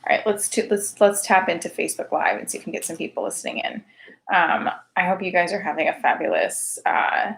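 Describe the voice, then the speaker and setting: A woman in her thirties hosting a casual late-night livestream show, chatty and self-deprecating and sounding tired. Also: fairly low pitch. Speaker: show host.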